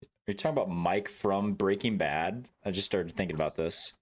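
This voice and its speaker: A man's voice: deep voice, moderate pace. A man streaming a game, chatting casually with his viewers in a joking, laid-back way, swearing freely and laughing often.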